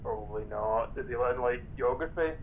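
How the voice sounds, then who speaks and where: A man speaking at an average pitch for a man drops in wry, teasing asides as a podcast guest. His voice comes through muffled and lo-fi, with faint noise behind it. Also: very animated, normal speed, creaky. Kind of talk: casual podcast chat.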